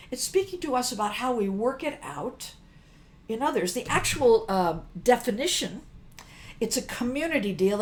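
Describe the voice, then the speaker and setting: An older woman giving a casual devotional teaching, chatty and emphatic, often breaking off mid-phrase to restart. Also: fairly high pitch. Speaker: worship teacher.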